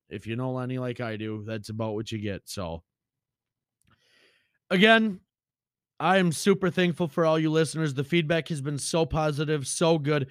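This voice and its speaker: A man's voice: fairly high pitch, moderate pace, clear, resonant tone, no room sound, studio quality. A man hosting a sports podcast, talking in a chatty, loose and sometimes profane way. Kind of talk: casual sports podcast talk.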